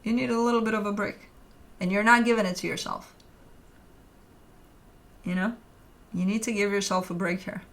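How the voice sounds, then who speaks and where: A woman's voice: medium pitch, fairly even intonation, normal speed, pauses often, fairly bright tone. A woman giving a casual tarot reading at home, offering frank, reassuring advice with plenty of filler words. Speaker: tarot reader.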